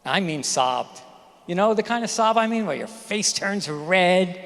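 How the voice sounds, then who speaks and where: A middle-aged physician giving a graduation speech, telling a personal story in a candid, emphatic way. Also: male voice, sits high, normal speed, a bit bright. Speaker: commencement speaker, physician. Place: graduation ceremony hall. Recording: hall reverb from a ceremony venue.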